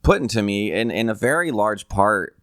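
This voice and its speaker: A man's voice: on the low side, animated, moderate pace, a bit bright, dry recording, studio quality. A man hosting a tribute video, speaking in a reflective, conversational way with some fillers. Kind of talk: casual commentary.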